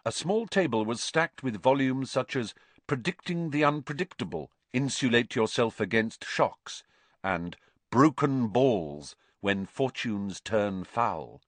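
A man reading an audiobook aloud in an expressive, theatrical storytelling manner. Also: medium pitch, a little slow, no room sound. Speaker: audiobook narrator.

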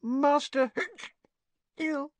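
A man's voice: very high-pitched, fairly even intonation, extremely slow, no echo, voice pushed up, exaggerated voice. A man voicing a drunk, grieving female house elf who slurs and hiccups in a storybook reading. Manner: slurred, broken by hiccups.

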